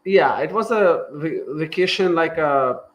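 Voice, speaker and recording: A man in his thirties with a Pakistani accent, a company founder telling his story in a casual interview, animated and acting out what people said. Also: fairly high pitch, measured pace, dull audio. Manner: animated, acts out quoted dialogue, laughs while telling.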